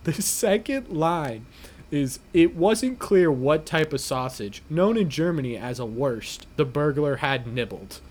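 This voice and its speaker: Man, podcast co-host, casual chat, profane, excitable. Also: a little high, unhurried.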